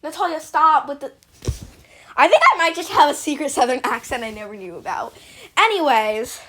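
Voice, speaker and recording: A woman's voice: sits high, expressive, normal speed, sharp tone, a little hiss or hum. A young woman hosting a reaction video, making blunt, rambling asides and swearing freely. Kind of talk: casual reaction commentary.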